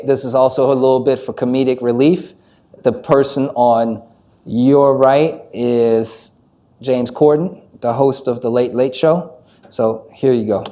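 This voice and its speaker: A man answering audience questions after a talk, measured and a little halting, correcting himself as he goes. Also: medium pitch, warm tone. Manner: measured, with fillers and self-corrections. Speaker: conference speaker. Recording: dull, lo-fi recording.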